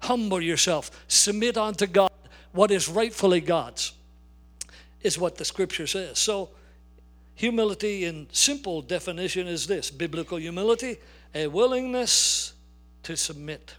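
An older man delivers a sermon from the pulpit, pressing his points with emphatic, drawn-out stresses. His voice sits notably high for a man. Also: a bit bright. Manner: emphatic, slows and stresses key words. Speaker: pastor.

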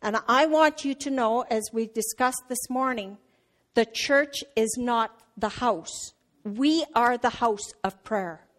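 Middle-aged woman preaching, slightly high voice, chatty delivery with fillers, gets loud in stories. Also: slow pace. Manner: conversational, with fillers and restarts; gets loud and animated telling a family story. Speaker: church speaker. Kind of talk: sermon.

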